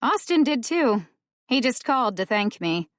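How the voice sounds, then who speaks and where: A woman voicing a cheeky, scheming young woman who teases her older sister with a bright, high voice in an audiobook. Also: big pitch swings, a little slow, no room sound, clean studio sound. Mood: teasing. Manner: bright, teasing, pitched high.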